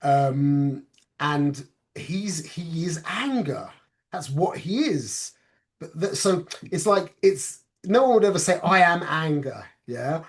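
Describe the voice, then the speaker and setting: A man with a fairly high voice leads a relaxed class and talks to his listeners as if chatting. He often asks "yeah?" to check they follow. He drops Hebrew and Yiddish words into his English as he teaches. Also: slow pace. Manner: conversational, keeps checking with "yeah?"; uses Hebrew and Yiddish terms. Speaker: religious teacher. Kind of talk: informal spoken class.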